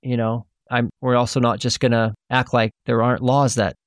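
A man's voice: mid-range voice, little pitch movement, normal speed, no echo, clean studio sound. A man hosting an interview, chatting casually and praising his guest's work. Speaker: interview host.

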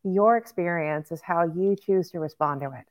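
A woman's voice: fairly low pitch, moderate pace. A woman hosting a podcast, talking in a casual, chatty way with lots of "right?" and "like". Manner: chatty, agreeing, many fillers like "right?". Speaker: podcast host.

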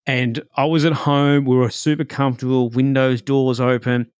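A man's voice: mid-range voice, normal speed, clear, resonant tone, no echo, studio quality. Man telling a reflective personal story. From Australia. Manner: relaxed, reflective, heavy on "like" and "you know". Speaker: podcast host.

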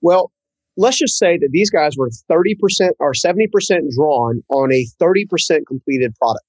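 Husky-voiced man telling an earnest story. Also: a little high, expressive, darkish tone, no echo, poor audio. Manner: earnest, halting, repeats words. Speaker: guest. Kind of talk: personal storytelling in an interview.

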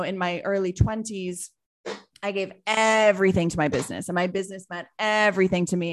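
A woman in her thirties from Trinidad, speaking in a thoughtful interview with many pauses as she searches for words. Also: medium pitch. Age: 30s. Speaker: guest, business owner. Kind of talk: reflective interview answer.

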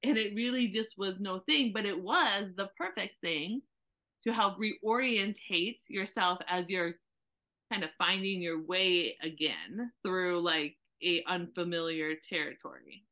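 A woman co-hosting a casual conversation, telling animated stories and acting out what people said. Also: medium pitch, a little slow. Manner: animated storyteller, acts out quotes.

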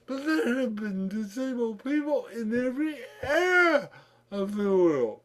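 Slow-talking man with a high voice. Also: sing-song, fairly bright tone. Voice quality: slow, effortful speech from cerebral palsy. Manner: candid, reflective, breaks into laughter. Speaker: podcast guest. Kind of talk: personal storytelling.

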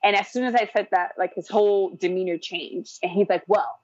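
A young woman talking fast and lively, slipping into the voices of the people in her story. The sound is dry and a little dull. She sticks "like" in everywhere as she goes. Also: medium pitch, no echo. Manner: animated, acts out quoted voices, frequent "like". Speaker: guest telling her birth story. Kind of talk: casual storytelling.

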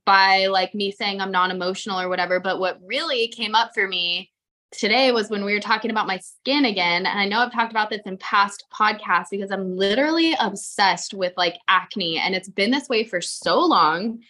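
A woman's voice: medium pitch, bright, forceful tone. A woman co-hosting a podcast, chatting candidly with lots of fillers and the odd swear. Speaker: podcast co-host and horse trainer. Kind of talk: casual chat.

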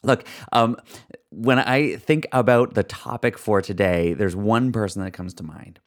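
A man hosting a solo podcast, upbeat and stretching key words slowly for emphasis. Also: on the low side. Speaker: podcast host.

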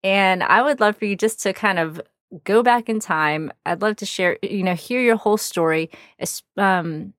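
A woman's voice: medium pitch, moderate pace, dry recording, studio quality. A woman in her thirties hosting a podcast for mothers, talking in an earnest, encouraging, heartfelt way. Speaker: podcast host. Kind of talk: warm scripted intro and casual podcast chat.

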